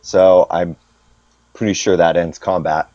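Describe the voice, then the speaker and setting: A man running a tabletop game as game master, unhurried as he narrates and tallies rules and experience points. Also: sits low, steady tone, warm tone, no echo. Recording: dull lo-fi dry sound.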